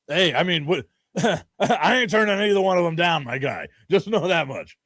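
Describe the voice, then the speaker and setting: A man's voice: sits high, animated, moderate pace, a bit bright, no echo, studio quality. Joking male sports talk host. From Chicago. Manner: joking, rambling, laughs often. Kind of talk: casual sports talk stream.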